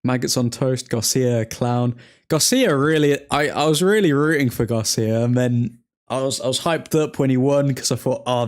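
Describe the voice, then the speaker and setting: A young man hosts a live football watchalong, chatting casually and replying to viewers' messages. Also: mid-range voice. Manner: chatty, reacting to the game and replying to chat. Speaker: livestream host.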